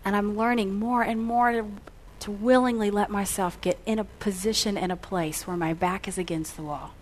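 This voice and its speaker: A woman's voice: mid-range voice, steady tone, normal speed. A middle-aged woman delivering a storytelling sermon, animating the dialogue as she recounts it. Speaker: speaker.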